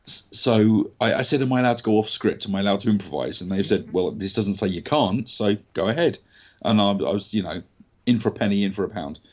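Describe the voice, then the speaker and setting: An English actor telling a candid, animated story from his career in a casual interview, swearing now and then. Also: fairly low pitch, a little fast, dull audio. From England. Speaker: actor guest.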